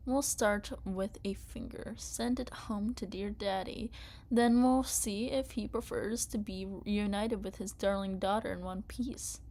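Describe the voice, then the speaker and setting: A woman reading aloud the lines of a cruel female villain commander in a story game, in a quiet, menacing, sometimes hushed delivery. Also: medium pitch, steady tone, measured pace.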